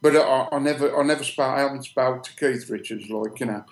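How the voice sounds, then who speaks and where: A man's voice: mid-range voice, a little fast. A man with a Black Country accent, chatting casually as a guest on a podcast, often repeating and restarting his words. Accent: Black Country English. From Black Country, England. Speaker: guest, detector maker. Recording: roomy echo.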